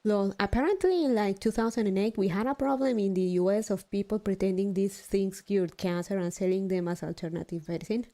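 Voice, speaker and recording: A woman's voice: mid-range voice, fairly quick, hardly any pauses, mellow. A young adult woman live streaming, chatting casually, swearing now and then and poking fun at herself. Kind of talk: casual chat while gaming.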